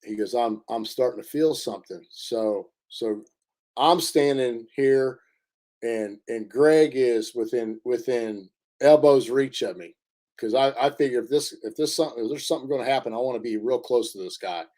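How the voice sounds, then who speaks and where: A man telling a story in a casual interview, halting often with fillers and restarts. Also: mid-range voice, darkish tone. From Indiana. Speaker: interview guest.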